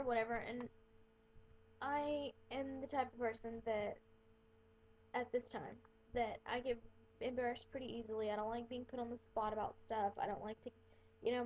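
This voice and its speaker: A woman's voice: on the high side, slight background noise. Chatty young woman, tinny lo-fi audio. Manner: rambling, chatty, many fillers. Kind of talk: casual storytelling vlog. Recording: tinny phone-like webcam audio.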